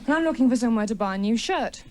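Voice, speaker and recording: A woman's voice: a little high, animated, racing, a little mellow, a little hiss or hum. A woman doing a wry, chatty stand-up comedy routine in a TV studio, with an audience laughing.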